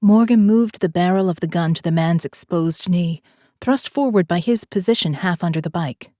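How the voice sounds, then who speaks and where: A woman with a fairly low voice reads a thriller audiobook in a steady, measured way. The recording is dry and close, with no room sound at all. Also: no room sound. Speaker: audiobook narrator. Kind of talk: scripted narration.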